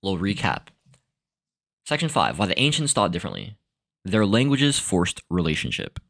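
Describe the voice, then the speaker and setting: A young man talks in a loose, rambling way, padding his thoughts with fillers and restarts and laughing often. His voice sits low, and its pitch swings widely from line to line. He sounds like a podcast host talking off the cuff. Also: very animated, normal speed, fairly bright tone. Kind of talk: casual monologue on language and philosophy.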